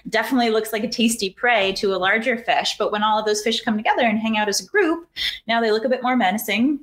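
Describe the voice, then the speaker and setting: A woman's voice: medium pitch, fairly bright tone. A woman as an interview guest, explaining her ideas earnestly and building up lists of points. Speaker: guest expert.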